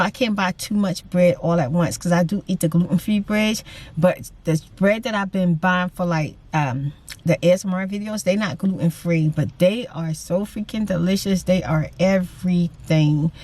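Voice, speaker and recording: A middle-aged woman hosting her vlog in casual, animated chat, calling her viewers y'all and saying freaking often. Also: fairly low pitch, normal speed. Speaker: vlogger and host.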